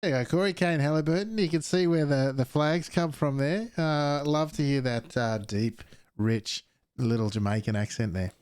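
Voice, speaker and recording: A man's voice: a little high, steady tone, moderate pace, a little mellow, smooth, dry recording, studio quality. A man, commentating sim racing and interviewing a driver in an upbeat, chatty way. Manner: upbeat, keeps saying "beautiful" and "mate". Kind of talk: post-race interview and commentary.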